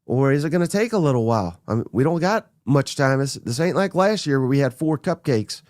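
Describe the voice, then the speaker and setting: A man hosting a sports podcast, talking bluntly and excitedly through a list of names, a little under the weather. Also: mid-range voice, a little fast, no echo, studio quality. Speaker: podcast host. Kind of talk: casual sports talk monologue.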